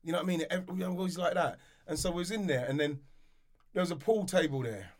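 A man co-hosting a podcast, telling animated anecdotes, repeating words and dropping low when quoting others. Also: quick pace. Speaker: podcast co-host, former footballer. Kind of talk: casual storytelling chat.

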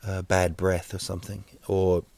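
A man hosting a podcast, delivering a rambling, wry comic monologue full of halting restarts. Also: low-pitched, monotone, vocal fry, darkish tone, dry recording. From New Zealand. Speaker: podcast host.

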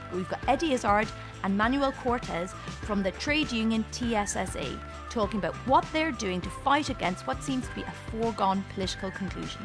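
A woman comedian hosting a political podcast, delivering a scripted comic monologue with wry, sarcastic humor. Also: mid-range voice.

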